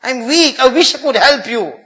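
A man doing a frail old man in a sermon story, sorrowful and apologetic. The voice sits high for a man and sounds bright and forceful. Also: animated, moderate pace, exaggerated voice. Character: weak elderly man pleading helplessness.

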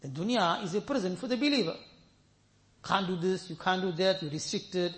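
A high-pitched male preacher talks at a normal pace, bringing scripture stories to life in his sermon. Emphatic repetition drives his message, and he often slips into chanting Arabic verses.

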